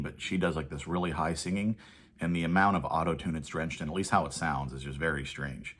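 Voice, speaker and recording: Very deep husky man reviewing songs. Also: a bit bright. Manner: casual, thinking aloud with many fillers. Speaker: music reviewer. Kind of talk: casual track-by-track review.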